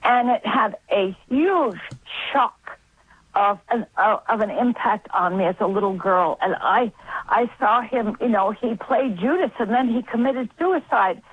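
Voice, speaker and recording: A woman calling in to a radio show, speaking earnestly and haltingly. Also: on the high side, lively intonation, breathy edge, no echo. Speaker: caller. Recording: tinny phone line.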